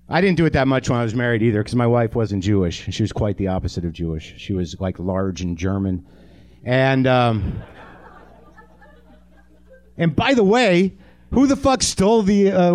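A man's voice: medium pitch, expressive, normal speed, a little mellow. A man hosting a live comedy show, doing a profane, self-deprecating stand-up rant straight to the audience from a theater stage. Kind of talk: stand-up monologue.

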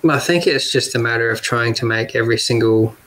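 A man with an Australian accent, a guest kart driver talking casually on a podcast, relaxed and quick to laugh. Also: mid-range voice, low-quality recording. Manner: relaxed, laughs often, repeats words.

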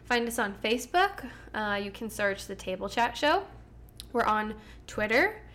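A woman's voice: on the high side, big pitch swings, unhurried, a bit bright. A woman co-hosting a casual podcast, chatty and giggly as she reads out how to reach the show. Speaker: podcast co-host. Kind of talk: casual chat.

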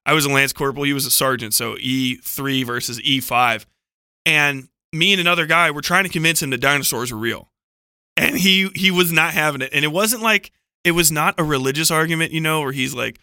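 This book club podcast panelist's voice sits slightly above typical male pitch and sounds very bright and crisp as he tells a loose, profane anecdote at a brisk pace. He rambles through digressions and restarts, laughs frequently, says "like" constantly and corrects himself a lot. The sound is close and dry, with no room sound.

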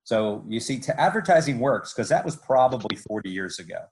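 A man hosting a podcast, narrating sports history in a lively way with joking asides. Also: medium pitch, fairly quick, a little hiss or hum, poor audio.

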